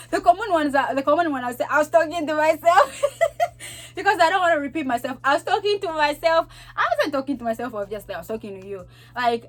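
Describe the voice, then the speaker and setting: A young woman from Zambia with a Zambian accent, casually telling stories to the camera, animated and laughing as she acts out voices. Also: high-pitched. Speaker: vlogger.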